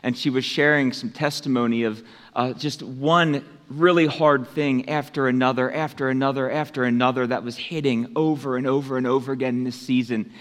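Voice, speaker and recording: A man preaching a sermon as pastor, in an unhurried, conversational way that lifts for emphasis. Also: mid-range voice, steady tone. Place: church sanctuary. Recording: long church hall reverb.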